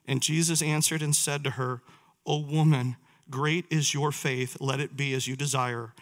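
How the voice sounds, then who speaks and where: A man's voice: medium pitch, steady tone, moderate pace. A man preaching a sermon, reading scripture aloud and putting questions to his listeners. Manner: reads verses aloud, asks the listeners questions.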